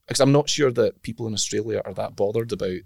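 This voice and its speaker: A man's voice: lowish voice, fast, creaky, darkish tone, dry recording, clean studio sound. A man co-hosting a podcast, chatting casually with teasing, jokey banter. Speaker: podcast co-host. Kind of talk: casual chat.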